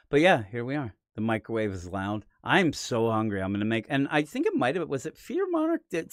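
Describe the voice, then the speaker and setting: Animated American man telling stories. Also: no room sound, studio quality. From United States. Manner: animated storyteller, breaks into high put-on voices. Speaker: podcast co-host. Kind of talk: casual live-stream chat.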